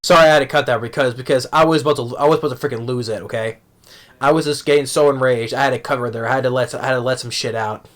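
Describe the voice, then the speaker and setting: A man's voice: mid-range voice, steady tone, very fast, a bit bright. A young man giving a rambling, exasperated movie review rant at home, tripping over his words and restarting often.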